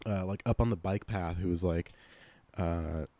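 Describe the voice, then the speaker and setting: A young man telling a long rambling story in casual chat, full of fillers, lively when quoting others. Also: deep voice, moderate pace, dry recording. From Los Angeles. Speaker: podcast guest.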